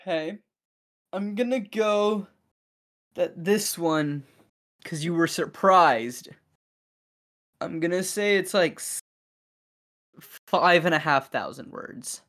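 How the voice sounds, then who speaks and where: A man's voice: sits high, slow pace, pauses often, a bit bright. A man guesting on a podcast, joking dryly in casual chat about a film. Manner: playful, dry joking.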